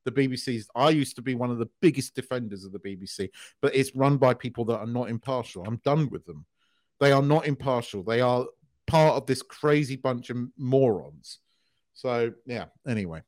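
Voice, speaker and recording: A man's voice: medium pitch, moderate pace, dry recording. A middle-aged man co-hosting a podcast, talking bluntly and swearing freely in casual chat. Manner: blunt, sweary, animated ranting. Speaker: podcast co-host.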